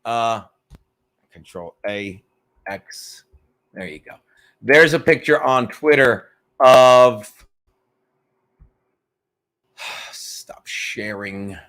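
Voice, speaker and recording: A man's voice: mid-range voice, very slow, pauses often, a bit bright. A man hosting a casual livestream chat, rambling and joking as he tells a story, cursing freely. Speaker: podcast host.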